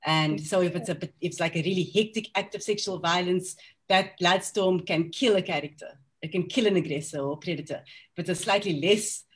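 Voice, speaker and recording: A woman's voice: on the low side, fairly quick, husky. A woman author on a panel discussion, speaking candidly and reflectively about her novel, with frequent ums and restarts. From South Africa.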